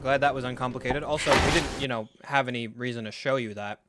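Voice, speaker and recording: A man hosting a live reaction stream, talking in an animated, sarcastic way, swearing freely and acting out scenes. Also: medium pitch, fast talker, over loud music. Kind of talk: casual live reaction commentary.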